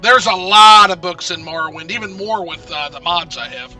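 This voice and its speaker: An excitable man streams a video game and chats casually with his viewers, cursing freely. His voice sits high and comes across very bright and cutting. He sits a little back from the mic, with faint game music underneath. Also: moderate pace, distant mic. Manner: excitable and profane, swearing often. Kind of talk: casual live gameplay commentary.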